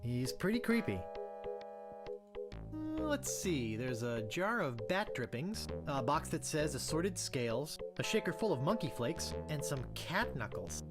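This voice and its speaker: A man's voice: on the high side, very animated, measured pace. A man voicing a young pirate hero in an adventure game, with dry, wry remarks. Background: game music.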